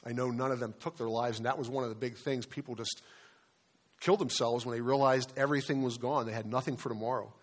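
A man in his fifties preaching a sermon as pastor, earnest and conversational, slowing down and dropping to a hush on key words. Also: medium pitch, fairly even intonation. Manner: conversational storytelling with restarts.

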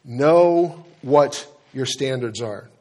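A man's voice: medium pitch, very slow, a little mellow. A middle-aged man preaching as a pastor, telling stories and acting out dialogue, often restarting his sentences. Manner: storytelling preacher, acts out dialogue, frequent restarts. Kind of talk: sermon.

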